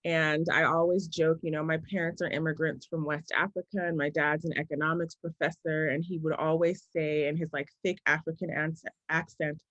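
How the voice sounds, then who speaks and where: A woman in her forties, a business coach, answering interview questions in a thoughtful, story-telling way that often slows down to make a point. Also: low-pitched, little pitch movement, a bit bright, dry recording, dull audio.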